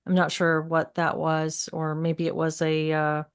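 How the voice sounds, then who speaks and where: A woman hosting a casual panel chat and reading out viewer comments, thinking aloud with halting restarts. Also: low voice, monotone, clear, resonant tone.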